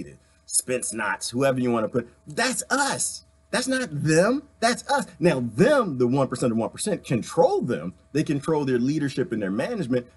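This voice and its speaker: A man's voice: on the high side, slightly rough. A man from the United States hosting a live stream, fired up and preachy as he talks straight to his viewers and reads their comments.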